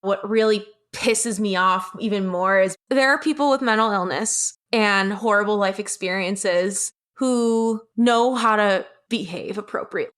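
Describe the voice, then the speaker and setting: A woman's voice: medium pitch, a bit bright. A young adult woman, a guest on the show, recounting a personal story in a blunt, candid way and swearing freely. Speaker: podcast guest.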